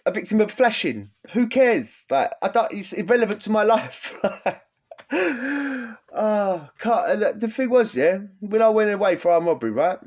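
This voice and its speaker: A man, a former prisoner, hosting a podcast in a blunt, animated, swearing rant. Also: sits high, measured pace. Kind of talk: casual ranting monologue. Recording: dull lo-fi sound.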